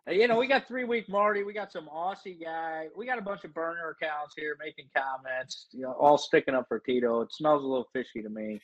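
A man's voice: on the high side, fairly quick, few pauses. A man co-hosting a sports betting podcast, wry and a little suspicious as he teases the others. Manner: wry and suspicious, with easy laughs. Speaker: podcast co-host. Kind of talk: casual sports betting chat. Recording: dull lo-fi audio.

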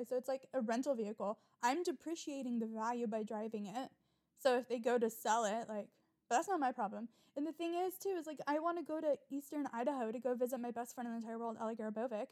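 A young woman hosting a solo podcast, rambling in an animated, swearing manner and getting riled up as she talks. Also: a little high. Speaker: podcast host.

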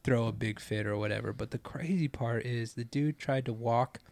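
A man's voice: medium pitch, normal speed, vocal fry, a little mellow. A man in casual group chat, telling a story with many fillers and restarts.

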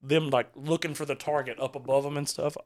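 A man's voice: fairly high pitch, flat delivery. Guy hosting a movie reaction hangout, rambly, lots of uhs and restarts. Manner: rambling, halting, many fillers and restarts. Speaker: host leading a movie reaction. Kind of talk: casual chat.

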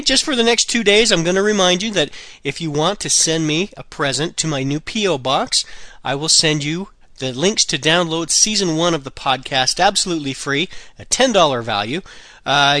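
A man hosting a language-learning podcast, teaching phrases with slow, careful repetition. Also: fairly high pitch, bright, forceful tone, no room sound. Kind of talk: language lesson.

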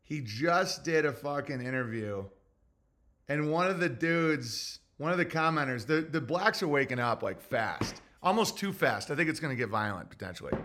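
A man's voice: fairly high pitch, animated, normal speed, fairly bright tone. A man hosting a podcast, delivering a rambling, profane, agitated commentary monologue full of restarts. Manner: profane, agitated ranting with restarts and mock voices. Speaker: podcast host.

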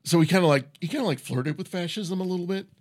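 Guy guesting on a podcast, bit higher voice, easygoing storyteller, laughs a lot. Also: fast. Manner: relaxed storytelling, laughs along. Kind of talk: casual chat. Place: recording studio.

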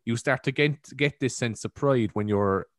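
A man's voice: medium pitch, moderate pace, no echo, clean studio sound. A man with a Cork Irish accent, a podcast guest chatting in an easygoing, enthusiastic way with lots of fillers. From Ireland. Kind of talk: casual chat.

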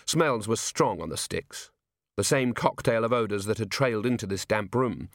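A man narrating a novel as an audiobook in a measured storytelling manner. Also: medium pitch, no room sound, studio quality. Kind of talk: scripted narration.

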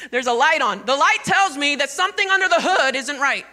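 Woman pastor preaching, chatty and lively, bright tone, big echoey church sound. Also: high voice, fairly quick. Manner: conversational and animated, asking the congregation questions. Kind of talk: sermon. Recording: long reverb of a church hall.

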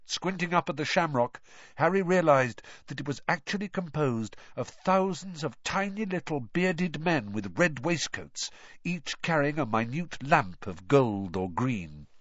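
A man reads an audiobook with an animated, lively delivery in a slightly high voice. The recording is dry and close, and the sound is dull and lo-fi. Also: a little slow, dry recording. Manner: animated storytelling. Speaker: audiobook reader. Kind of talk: expressive audiobook narration.

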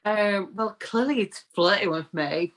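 A drunk woman playing a tabletop game, giggly with loud laughs. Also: mid-range voice, unhurried, rough recording. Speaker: player. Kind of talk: casual tabletop game play.

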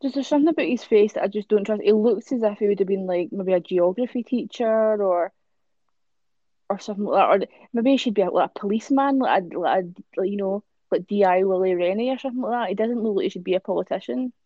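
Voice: mid-range voice, quick pace, dark tone, no room sound, muffled recording. A co-host of a podcast, chatting casually and dryly, steering the talk with questions and blunt remarks. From Scotland. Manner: dry, steering the conversation. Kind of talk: casual sweary chat.

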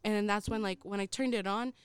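A young woman tells a long story on a podcast. She rambles, fills her talk with "like" and swears freely. Her voice is smooth and clear, recorded dry and close. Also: medium pitch, steady tone, fast talker, no room sound. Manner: rambling, heavy use of filler "like", swears often. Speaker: co-host. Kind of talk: casual storytelling conversation.

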